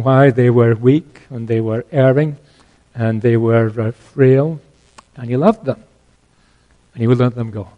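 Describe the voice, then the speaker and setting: A man delivers an earnest expository sermon in a mellow, warm voice, pitched in an ordinary middle range. He reads scripture aloud and explains it, pressing hard on the words that matter most. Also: fairly even intonation, unhurried, long pauses, highs cut off. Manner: earnest expository preaching, rising to emphatic stresses. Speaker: pastor.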